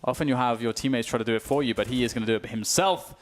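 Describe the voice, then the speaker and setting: A British man doing play-by-play esports commentary, calm analysis that breaks into excited shouting on big plays. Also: medium pitch, very fast.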